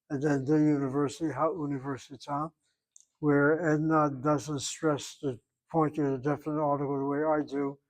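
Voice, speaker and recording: A man's voice: a little high, a little mellow, poor audio. An older man teaching a Hebrew class, explaining grammar patiently and repeating his points. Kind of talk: online class lecture.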